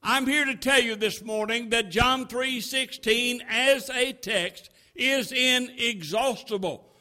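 A male preacher delivers a sermon in a very high, bright voice. He speaks slowly and emphatically, with a measured pulpit cadence that swells into loud, ringing crescendos.

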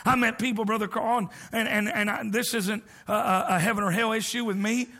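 A middle-aged man preaching a sermon as a visiting preacher, with whoops and shouts that drop to near whispers. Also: sits high, steady tone, fairly quick.

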